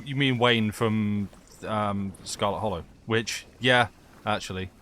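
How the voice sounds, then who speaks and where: A fairly low-voiced man commenting on a horror game during a live stream, chatty and full of wry asides. Faint game sounds sit behind him. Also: slow pace, fairly bright tone, a little hiss or hum.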